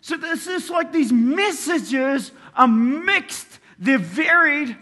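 A man preaching a sermon, telling everyday stories with animated delivery and acting out his own thoughts. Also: very high-pitched, takes it slowly. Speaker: pastor. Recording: long reverb of a large hall.

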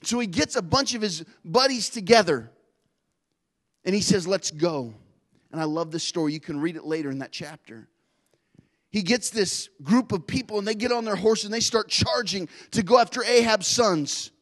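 A man preaching a sermon with an intense, driving delivery that swells into loud emphatic rises. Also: high-pitched. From not Australian.

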